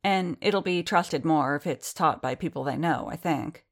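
An eager young gentleman with an endlessly cheerful heart, as a woman reading an audiobook puts him on. He talks in hesitant, hopeful bursts, pausing and restarting as ideas spill out, in a low voice that lifts when he gets keen. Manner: hesitant and hopeful, words tumbling out. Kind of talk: audiobook character voice.

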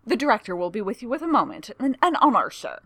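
A woman doing a high, flustered young aide. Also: quick pace, no echo, exaggerated voice. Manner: fumbling, excitable.

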